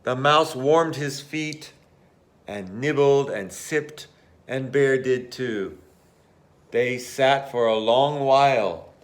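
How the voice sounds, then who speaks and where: Slow, animated man reading a storybook. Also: medium pitch. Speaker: English teacher.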